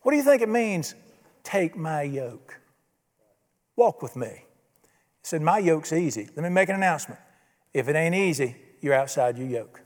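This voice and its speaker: A man delivers a sermon from the pulpit, his voice sitting high for a man. He talks in a folksy way, throwing out rhetorical questions. The sound carries a long reverb from the church hall. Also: very animated, moderate pace. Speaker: pastor.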